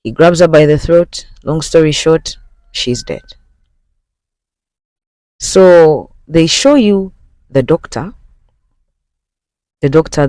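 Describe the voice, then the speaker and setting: Animated man retelling a movie plot. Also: a little high, no echo. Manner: animated, speaks straight to viewers. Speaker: movie recap host. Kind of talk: casual story retelling.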